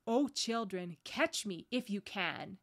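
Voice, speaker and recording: A woman voicing a noble, calm male lion in a storybook read-aloud, speaking in a slow, grave, measured way. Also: mid-range voice, lightly acted.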